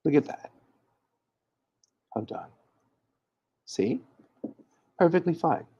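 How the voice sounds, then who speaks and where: A man hosting a casual livestream in a husky, gravelly voice with a mellow tone. His pitch swings widely as he teases himself over tricky words. He talks in loose, stumbling restarts. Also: slow pace, lo-fi sound. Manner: playful, teasing himself over hard words; animated, stumbling through restarts. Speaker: host giving hoodoo readings and advice. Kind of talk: casual livestream chat, reading from the chat.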